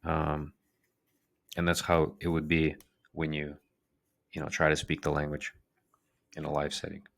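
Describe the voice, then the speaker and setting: A man's voice: a bass voice, completely flat delivery, measured pace, vocal fry, long pauses, fairly bright tone. A man giving a language lesson, patiently drilling words and repeating them, with fillers and restarts as he explains. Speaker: language teacher.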